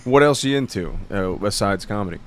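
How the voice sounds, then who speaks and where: Profane, blunt podcast host from South Jersey. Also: male voice, lowish voice, lively intonation, brisk, a little hiss or hum. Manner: blunt, profane, laughs often. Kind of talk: casual podcast interview.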